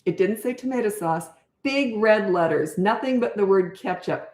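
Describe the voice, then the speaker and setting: A woman's voice: mid-range voice, animated, moderate pace, darkish tone. A Canadian woman in her sixties, a parenting coach who answers viewer questions and drifts into long laughing stories in easy, casual chat. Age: 60s. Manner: chatty, laughing storyteller who drifts off topic. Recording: roomy echo.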